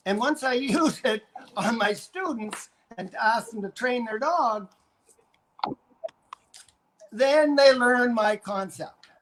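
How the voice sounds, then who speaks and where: A man's voice: very high voice, lively intonation, slow pace, pauses often, noisy background. An older man from Canada, a dog trainer, coaching viewers on a live stream and going over his points again and again with demonstrations.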